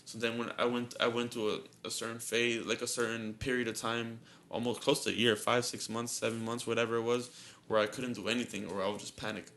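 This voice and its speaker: A man's voice: medium pitch, flat delivery, brisk, few pauses, a bit bright, slight background noise. A young man on a podcast telling a story in casual chat, rambling and repeating himself with a lot of "like", sounding shaky and nervous. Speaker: podcast co-host.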